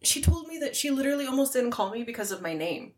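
A woman's voice: high voice, very animated, quick pace. A woman co-hosting a casual podcast chat, telling stories about an old job in a loose, joking way and laughing often. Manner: chatty, storytelling, laughs often. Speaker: podcast co-host.

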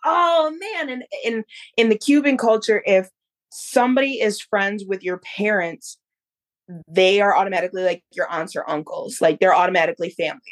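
A woman in her thirties, a podcast guest, telling a story in a casual, animated way. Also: medium pitch, fairly quick. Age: 30s. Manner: animated, acts out others' voices in quotes.

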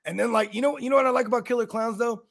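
A man co-hosting a casual podcast chat, slangy, animated and swearing freely. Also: very high-pitched, rapid-fire, creaky, no echo. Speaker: co-host.

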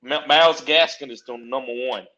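A man's voice: medium pitch, pushed and bright. Blunt male co-host on a dull lo-fi mic. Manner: blunt, quick agreeing interjections. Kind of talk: casual sports chat.

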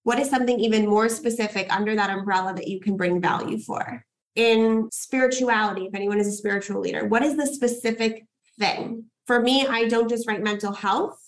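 A woman's voice: a little high, a little fast, low-quality recording. Upbeat, hyped young woman coach. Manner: enthusiastic, hyped, swears casually. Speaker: podcast coach and host. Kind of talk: live workshop hosting.

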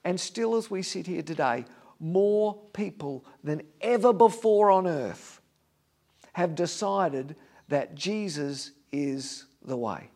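A male pastor preaching an earnest sermon, dropping to a hush on key lines. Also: high voice, lively intonation, slow pace. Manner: standing before a congregation.

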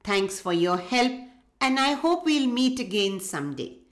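A woman's voice: medium pitch, sing-song, a little slow. Woman doing a polite friendly turtle girl. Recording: echoey room.

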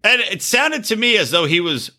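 Brief: young man, podcast co-host, very bright tone, swings his pitch wildly, crude and mocking, ramps up into shouting rants. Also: very animated, normal speed. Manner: loud, profane, mocking, gets worked up. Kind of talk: casual chat.

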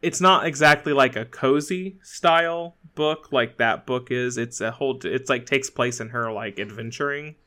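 Co-hosting a podcast, a chatty man speaks in a bright, forward voice of medium pitch at a moderate pace with few pauses. His casual talk is loose, full of fillers and restarts, and he laughs easily along the way.

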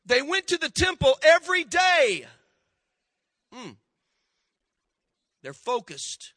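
A man preaches in a folksy, storytelling way and keeps calling on the congregation to answer. His voice sits high and rings bright and sharp. The sound is close and dry. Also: wildly swooping pitch, slow, long pauses, dry recording. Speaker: pastor. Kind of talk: sermon.

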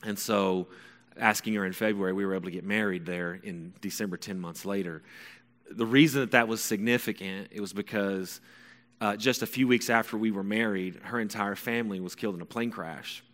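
A forceful, bright-toned man in his forties tells a long personal story to an audience. He rambles and corrects himself, then bursts into high excitement. A long reverb from a big hall trails his voice. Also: brisk. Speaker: speaker telling a personal story.

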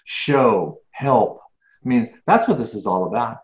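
A man's voice: medium pitch, lively intonation, measured pace. A middle-aged man speaking as an interview guest, emphatic and full of restarts and repeated words. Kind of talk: conversational interview. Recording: echoey, dull lo-fi sound.

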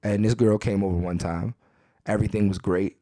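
A man hosting a comedy podcast, telling stories in a profane, animated way and repeating lines for emphasis, recorded in a bedroom at home. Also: fairly low pitch, fairly quick, dry recording, studio quality. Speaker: podcast host. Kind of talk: comedic storytelling monologue. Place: his second bedroom at home.

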